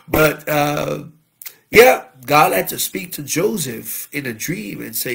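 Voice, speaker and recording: A man, a bishop, preaches at a Bible study. He talks in an animated way, tells funny stories, and puts in frequent amens and shouts of praise. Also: on the high side, measured pace, gravelly, breathy edge. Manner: humorous, anecdotal. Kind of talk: sermon.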